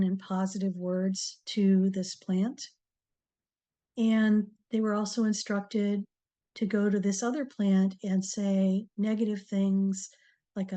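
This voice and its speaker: A woman hosting a TV talk, giving a slow, encouraging motivational talk to viewers with many pauses. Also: medium pitch. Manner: slow, pausing, soft-spoken and encouraging. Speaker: TV show host, speaker on word power.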